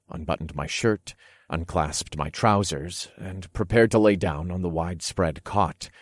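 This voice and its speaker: A man narrating an erotic audiobook in the first person, calm and commanding. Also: sits low, dry recording, clean studio sound.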